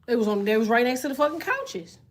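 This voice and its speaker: Woman streamer, AAVE speaker, animated and profane storyteller, slightly high-pitched. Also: fast talker. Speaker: live streamer reading chat. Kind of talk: casual storytelling chat.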